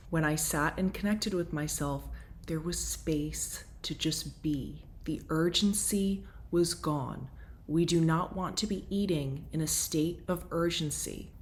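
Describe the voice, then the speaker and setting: A woman leading a guided breathwork session, talking in a calm, gentle and reassuring way. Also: on the low side. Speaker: breathwork instructor.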